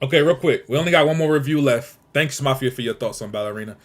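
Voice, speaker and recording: A man's voice: medium pitch, fast talker. A man hosting a casual podcast chat, brash and profane as he teases the others. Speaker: podcast host.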